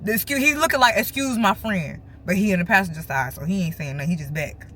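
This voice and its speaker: A woman with telling a casual storytime vlog from her car, acting out other people's lines in an animated way. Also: lowish voice, rapid-fire. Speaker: vlogger. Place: parked car.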